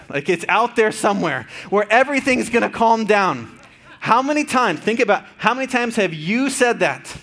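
A man in his thirties, a pastor giving a conversational, earnest sermon with fillers and restarts, going soft and quiet at tender points. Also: high-pitched. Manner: drops to soft, quiet tones for tender moments.

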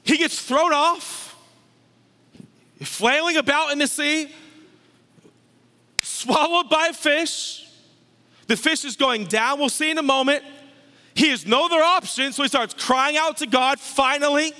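A man's voice: very high-pitched, measured pace, pauses often, pushed and bright, in a large hall. A man preaching a sermon as pastor, building intensity through repeated phrases.

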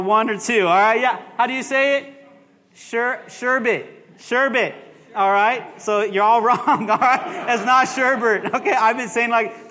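A man's voice: high-pitched, pushed and bright. A male pastor preaching to his congregation in a playful, joking way, quizzing them and saying "all right?" constantly. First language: bilingual. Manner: playful, jokey, asks the congregation questions. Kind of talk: sermon. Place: church sanctuary. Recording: long hall reverb.

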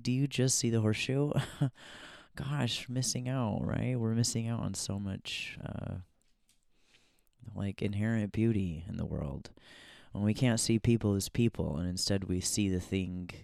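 A man's voice: low voice, gravelly, darkish tone, no echo, studio quality. A man hosting a podcast in a casual, reflective monologue, musing aloud with many fillers and frequent laughs. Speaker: podcast host.

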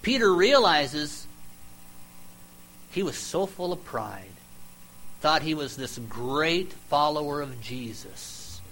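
A man preaching a sermon, retelling the story in a conversational, emphatic way with dramatic pauses and repeated questions. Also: fairly high pitch, sing-song, a bit bright, poor audio.

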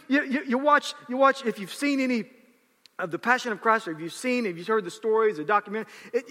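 A man preaching a sermon, animated and dramatic, often repeating words as he acts out scenes, in a church hall with long reverb. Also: very high-pitched.

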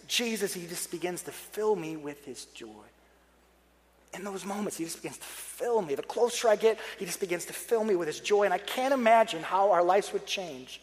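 High-voiced pastor in a reverberant hall. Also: male voice, moderate pace. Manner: conversational, joking asides, earnest prayer passages. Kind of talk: sermon.

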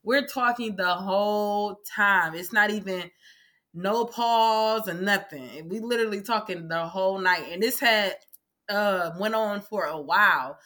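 Co-host, young woman, bright voice, chatty, speaks to the audience. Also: medium pitch, unhurried. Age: young adult. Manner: chatty, talks straight to listeners as y'all. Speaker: podcast co-host. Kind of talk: casual storytelling chat.

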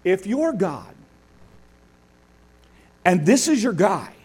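Man, preaching, high-pitched, swooping lively intonation. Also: slow, slightly rough. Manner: animated, voices biblical figures, laughs at the text. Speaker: pastor. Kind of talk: sermon.

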